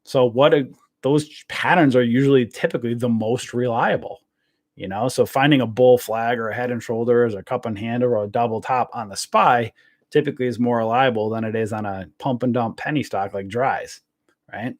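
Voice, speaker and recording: A man's voice: mid-range voice, normal speed. A man hosting a casual live trading stream, rambling with lots of fillers and calling viewers guys. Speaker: trading show host. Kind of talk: casual livestream chat.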